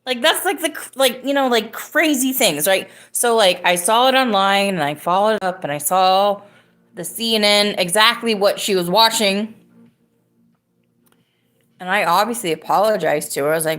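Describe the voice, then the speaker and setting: A woman's voice: medium pitch, normal speed, fairly bright tone. A woman in her thirties hosting a podcast, telling a story casually and rambling with many fillers and restarts. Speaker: podcast host.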